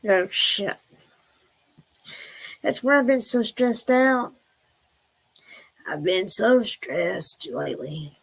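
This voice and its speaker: A woman's voice: mid-range voice, expressive, very slow, creaky, long pauses, husky. A woman chatting casually on a live stream, rambling and answering her viewers' comments.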